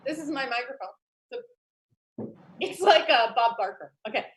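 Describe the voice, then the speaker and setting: High-voiced woman doing comedy on a video call. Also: big pitch swings, normal speed. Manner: playful, laughs at her own jokes. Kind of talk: stand-up over video call.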